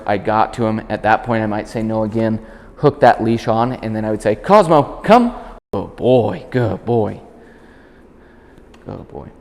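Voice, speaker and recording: A man working as a dog trainer, calmly explaining a demonstration and switching to short, clear commands for the puppy. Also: medium pitch, in a large hall. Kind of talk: instructional demonstration.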